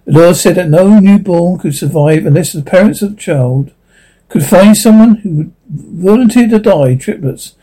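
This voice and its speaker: A man narrates a short story aloud, stumbling now and then and restarting words. His voice is husky and mellow, and it sits a bit higher than most men's. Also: lively intonation, moderate pace, low-quality recording.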